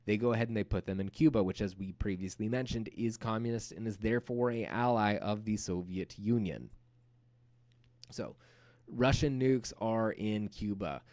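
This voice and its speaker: A man teaching a recorded history lecture in a casual, lively storytelling way. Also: on the low side, moderate pace. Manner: casual, animated storytelling with playful acted-out quotes.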